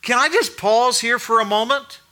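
A middle-aged male pastor preaching a sermon in a conversational way, asking the room questions and dropping quiet to stress a point. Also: extremely high pitch, moderate pace.

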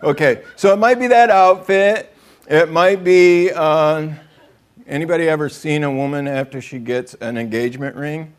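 A man's voice: fairly high pitch, moderate pace. Joking, chatty preacher man. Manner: joking, chatty, acts out quotes. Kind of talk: conversational sermon.

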